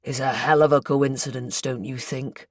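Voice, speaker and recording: A woman voicing an earnest, guarded local man with a North Devon accent, in a slow, confiding, colloquial way, for an audiobook. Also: very deep voice, steady tone, no echo, studio quality. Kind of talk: audiobook character voice.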